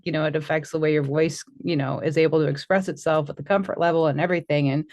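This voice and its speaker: A woman's voice: sits low, fairly even intonation, fast talker, darkish tone. A woman hosting a radio interview, chatty and leaning on fillers. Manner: chatty, leans on "you know" and "like". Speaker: radio show host. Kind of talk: interview host.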